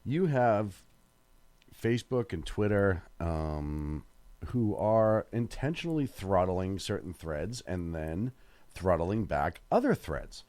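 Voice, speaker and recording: A man with a low voice co-hosts late-night talk radio. He stumbles through fillers and restarts on his way to firm opinions, recorded close and dry. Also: sing-song, takes it slowly, a little mellow, no room sound. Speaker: radio talk show co-host. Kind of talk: casual talk radio discussion.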